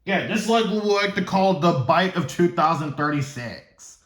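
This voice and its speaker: A man's voice: sits high, expressive, normal speed, fairly bright tone, echoey room. A man casually explaining the story of his own fan game series, rambling and stumbling without a script, joking to himself. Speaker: gaming YouTuber.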